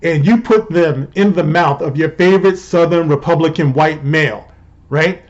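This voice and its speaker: Fairly high-voiced man giving opinion commentary. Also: moderate pace, lo-fi sound. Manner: conversational, rhetorical, often asks "you know what I mean". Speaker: host and commentator.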